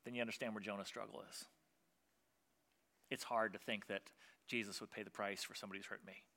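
A man preaching a sermon as pastor, telling stories with lively acted-out voices and swinging between loud emphasis and quiet softness. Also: lowish voice, brisk, vocal fry. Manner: animated storytelling, acting out voices of biblical figures.

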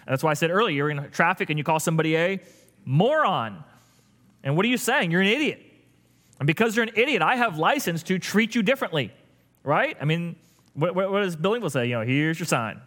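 A man's voice: high-pitched, animated, fast, fairly bright tone. A middle-aged man preaching a conversational sermon as a pastor, often repeating words while thinking aloud.

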